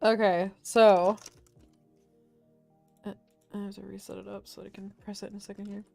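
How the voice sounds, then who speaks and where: A woman's voice: medium pitch, level tone, moderate pace, vocal fry, a little mellow, soft background music. Woman reading posts aloud on stream. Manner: reads stories aloud with laughing asides. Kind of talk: casual group chat on a livestream.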